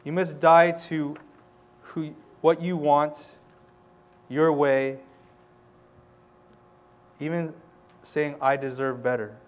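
Man preaching, hushed to fervent. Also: on the high side, fairly even intonation, takes it slowly, pauses often. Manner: swings from quiet scripture reading to loud, rising exhortation. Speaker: pastor. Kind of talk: sermon.

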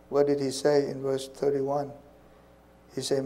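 A man preaching a sermon in an earnest way, repeating phrases and dropping to soft, hushed tones. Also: medium pitch, level tone, moderate pace, low-quality recording.

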